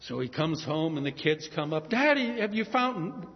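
A preacher telling a story in a sermon, acting out the characters' voices and swinging between loud calls and hushed lines. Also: male voice, a little high, very animated, normal speed, few pauses. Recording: muffled recording in a reverberant hall.

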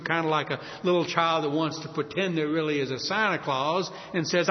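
A man preaching a sermon, emphatic and expressive, repeating rhetorical questions to his listeners. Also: fairly high pitch, normal speed, few pauses. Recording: dull lo-fi sound with long hall reverb.

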